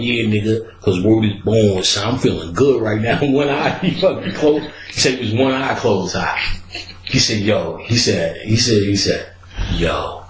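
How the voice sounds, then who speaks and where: A man hosting a podcast, telling a story in a casual, animated way and acting out the quotes. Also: reverberant, slight background noise, low-quality recording. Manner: animated, acts out quotes with big pitch jumps and laughter.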